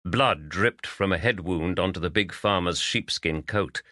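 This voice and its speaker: Low-voiced man reading an audiobook. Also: no room sound, studio quality. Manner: measured, expressive reading. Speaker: audiobook narrator. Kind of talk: scripted audiobook narration.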